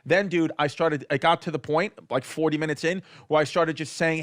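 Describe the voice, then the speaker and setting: Animated man telling a comedy story. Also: a little high, fairly quick. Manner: animated, profane, acts out other people's lines. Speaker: stand-up comedian. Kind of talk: podcast storytelling.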